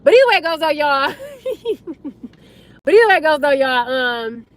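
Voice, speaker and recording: A young woman vlogger talking casually to her viewers, her voice raspy and going hoarse, emotional and chatty, calling them y'all. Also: high-pitched, big pitch swings, moderate pace. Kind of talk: casual storytime talk to viewers.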